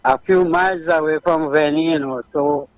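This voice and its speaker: A man's voice: a little high, steady tone, moderate pace, no echo, rough recording. A man calling into a radio show, cheerful and laughing as he talks. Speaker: caller.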